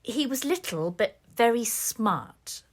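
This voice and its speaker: A woman's voice: on the high side, big pitch swings, takes it slowly. A woman telling a children's story in a patient, playful way, dodging the listener's questions. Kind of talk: storybook reading.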